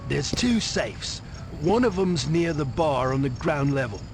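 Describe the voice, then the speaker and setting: A man's voice: on the high side, expressive, unhurried. An actor playing a streetwise male informant in a game, with a weak attempt at a Cockney accent that comes out casual and surfer-like. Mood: laid-back. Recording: game audio with loud ambient noise.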